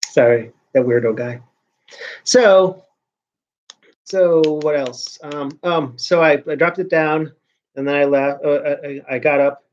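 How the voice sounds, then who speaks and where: A man's voice: fairly high pitch, unhurried, muffled recording. A man hosting his own vlog in casual chat, rambling along with frequent restarts and sentences that trail off. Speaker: vlogger host.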